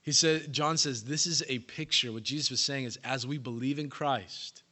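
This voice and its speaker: A man preaching a sermon, telling the story dramatically and swinging between hushed and loud delivery. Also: medium pitch, normal speed. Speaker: pastor. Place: church in California.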